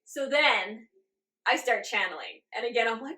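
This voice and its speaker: Animated woman telling a story, laughing. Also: on the high side, normal speed. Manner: animated, laughs often, acts out her own past reactions. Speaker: guest channeler. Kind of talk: casual interview storytelling.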